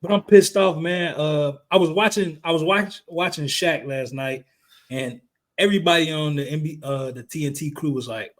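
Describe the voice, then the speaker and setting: A man co-hosting a casual sports podcast, talking in a profane, heated, emphatic way, his voice a little hoarse. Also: on the high side, moderate pace. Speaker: podcast co-host. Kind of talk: casual sports chat and rant.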